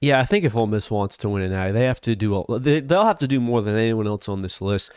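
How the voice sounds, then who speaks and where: A man's voice: fairly low pitch, expressive, fast, a little mellow, clear, resonant tone, no echo. A man co-hosting a casual sports talk show, confident and analytical. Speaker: co-host.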